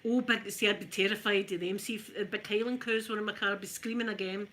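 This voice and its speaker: A Glaswegian woman in her fifties, chatting softly in an ASMR video while ironing, telling lively stories and answering viewers in broad Scots. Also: medium pitch, quick pace. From Scotland. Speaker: ASMR creator. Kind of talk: soft-spoken ASMR chat while ironing.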